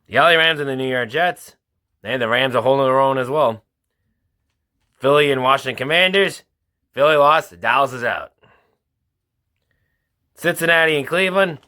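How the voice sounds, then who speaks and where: A man with a bright, sharp-edged voice runs through his weekly football picks. His delivery is informal and halting. He sounds like a regular host of his own show. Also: medium pitch. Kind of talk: casual football picks commentary.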